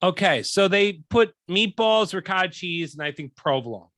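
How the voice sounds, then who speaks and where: A young man hosting a podcast, telling a profane story in a casual, animated way and acting out what people said. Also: sits high, moderate pace, no echo. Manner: profane, animated, acts out quoted lines. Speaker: podcast host.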